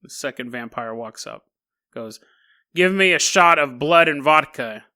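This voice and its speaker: A man's voice: fairly high pitch, expressive, unhurried, bright, forceful tone. A man hosting a podcast in a casual comedic monologue, wry and often laughing mid-sentence. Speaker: podcast host.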